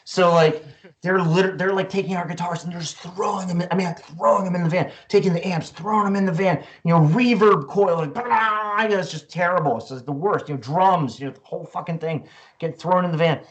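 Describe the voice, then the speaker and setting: A man's voice: high voice, a little fast. A man in his forties, a guest musician, telling a story in a casual, profane way full of "like" and "you know.".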